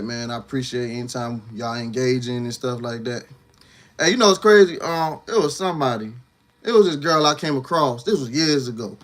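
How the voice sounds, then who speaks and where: A man speaking hosts a casual livestream. His talk is loose and slangy, full of fillers, and he pushes a viewer with teasing, confrontational questions. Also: mid-range voice. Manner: loose slangy talk, frequent "you know what I'm saying". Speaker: livestream host.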